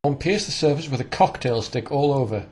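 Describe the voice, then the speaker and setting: Baking at home for his casual cooking vlog, a man keeps up a brisk, animated patter full of playful self-deprecating remarks. His voice is mid-range and a little mellow, and the kitchen sounds reverberant.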